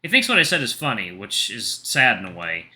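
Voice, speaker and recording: A man narrating a visual novel in the first person, reading the story lines in a steady storytelling manner. His pitch moves through a lively range. His voice is bright and forceful. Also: fairly quick. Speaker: gaming channel narrator.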